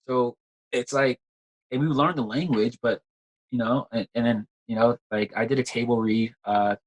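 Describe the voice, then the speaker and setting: A man's voice: mid-range voice, fairly even intonation, normal speed, rough recording. A man chatting casually as an interview guest, laid-back and slangy, repeating words as he talks. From United States. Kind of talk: casual conversation.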